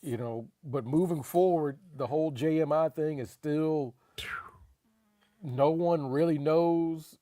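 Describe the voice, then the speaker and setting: A man co-hosting a casual sports talk show, talking in an animated, emphatic way with laughs and repeated phrases. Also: a little high, slow, no room sound, clean studio sound. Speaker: podcast co-host.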